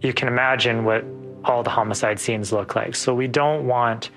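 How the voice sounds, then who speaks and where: A man, a police officer, giving a measured, earnest explanation in a documentary interview. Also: mid-range voice, fairly even intonation, a bit bright, soft background music.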